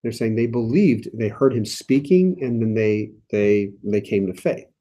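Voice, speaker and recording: A man with an American accent leading a casual Bible study, animated and playful, laughing as he explains the text. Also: fairly low pitch, a little slow.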